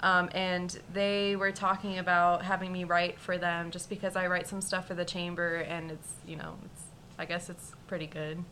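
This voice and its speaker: A woman's voice: lowish voice, normal speed, slight background noise. A woman in her twenties, a podcast guest, chatting casually and making dry jokes. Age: 20s. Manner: joking, deadpan about grief. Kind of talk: casual chat.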